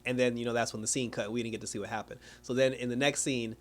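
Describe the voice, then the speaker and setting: A man's voice: medium pitch, level tone, fast. A man recapping a TV episode in a loose, rambling way, full of slang and filler words, often laughing as he goes. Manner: slangy street talk. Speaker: TV show reviewer.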